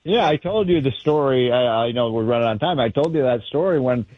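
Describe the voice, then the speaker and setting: Fired-up man, tinny and husky on a phone line. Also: medium pitch, fairly quick, no echo. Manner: animated, fired up, storytelling. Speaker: guest commentator. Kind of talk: radio interview by phone.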